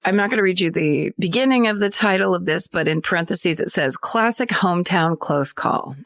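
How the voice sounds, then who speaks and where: A woman co-hosting a podcast, reading a listener's email aloud in casual chat, animated and emphatic, laughing often. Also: on the low side, fairly quick. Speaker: podcast co-host.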